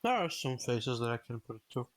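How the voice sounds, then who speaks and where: A man chatting casually on a stream, animated and joking, swearing freely. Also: medium pitch, a little fast. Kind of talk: casual chat.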